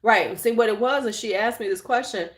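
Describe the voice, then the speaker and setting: Host type: outspoken woman in casual live chat, profane and animated, echoey room. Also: fairly high pitch, a little fast. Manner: blunt, profane, animated storyteller; reads and answers viewer chat. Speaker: channel host.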